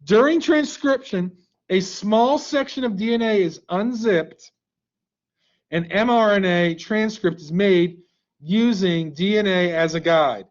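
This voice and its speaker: A man's voice: sits high, unhurried, dull audio. A male teacher leading a live online class in a playful, joking way, coaxing students to answer, over a computer mic on a video call.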